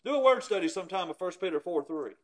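A man's voice: high-pitched, animated, fast talker. A man preaching a sermon, teaching scripture in an emphatic, explanatory way with everyday examples.

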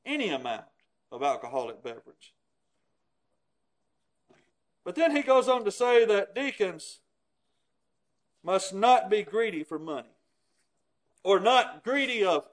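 A man preaching a sermon, teaching scripture in an emphatic, explanatory way with everyday examples. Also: high voice.

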